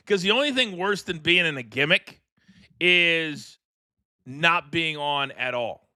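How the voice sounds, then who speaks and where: A middle-aged man hosting a live wrestling watchalong, ranting in animated, incredulous commentary from a studio mic. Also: on the high side, slow pace, clear, resonant tone, no echo. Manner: animated, incredulous, rambling rants. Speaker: host.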